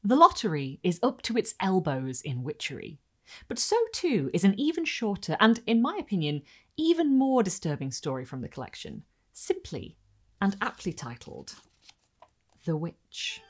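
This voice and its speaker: A woman's voice: mid-range voice, moderate pace. A woman hosting a book video, discussing a short story and reading passages aloud expressively. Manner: expressive reading, lively quotes. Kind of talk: book review and read-aloud.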